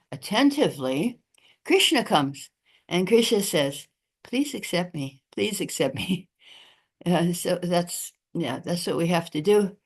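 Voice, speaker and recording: A woman giving a devotional scripture class in a temple, speaking in an unhurried way and pausing often between phrases. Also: fairly low pitch.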